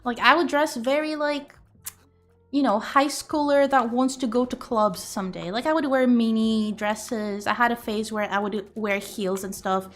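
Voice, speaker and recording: A woman's voice: fairly high pitch, normal speed, fairly bright tone, soft background music. A young woman streaming, chatting casually and rambling with giggles and loose swearing. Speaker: streamer and artist.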